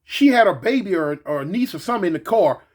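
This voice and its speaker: A man from Los Angeles tells a personal story casually and animatedly, repeating himself and sprinkling in "man" and "you know." His voice is high and his pace quick.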